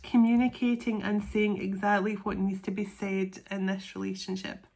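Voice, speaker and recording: A woman giving an intuitive tarot reading to her viewers, talking in a soft, earnest and openly emotional way, and stretching out words as she reads the cards. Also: mid-range voice, flat delivery, moderate pace, vocal fry, slight background noise. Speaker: tarot card reader.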